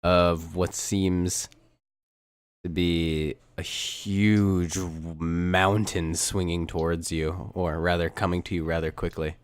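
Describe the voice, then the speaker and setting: A man acting as dungeon master, narrating a tabletop game in quick, descriptive bursts. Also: low voice, level tone, clean tone, no room sound.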